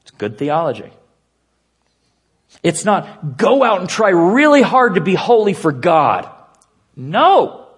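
A man preaching an earnest sermon, dropping to a hush and slowing down to stress key points. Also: high voice, very animated, slightly rough. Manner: earnest preaching with hushed, slowed emphasis. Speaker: pastor.

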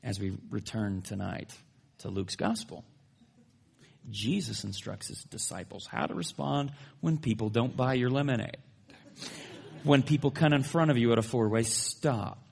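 A male pastor preaches in a mid-range voice with a gravelly, husky edge, keeping a measured pace and a slightly mellow tone. He tells everyday stories with playful, humorous asides before moving into scripture.

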